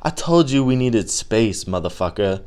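A man's voice: lowish voice, sing-song, normal speed, a little mellow, clean tone. A man voicing a bossy, foul-mouthed teenage girl who snaps and swears dismissively. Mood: snapping.

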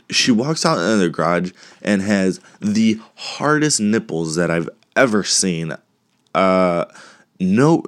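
A deep-voiced man with a cough works through a movie recap at an unhurried pace, rambling and swearing for laughs. His voice sounds close and dry, with no room around it. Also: no room sound. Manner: rambling, profane and joking.

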